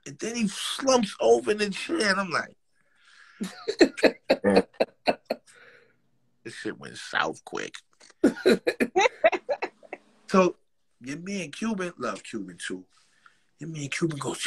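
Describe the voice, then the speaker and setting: Animated New York man telling stories. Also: fairly high pitch, a little slow, long pauses, husky. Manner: animated street slang, acts out quotes, frequent laughs. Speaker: rapper, interview guest. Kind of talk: casual storytelling interview.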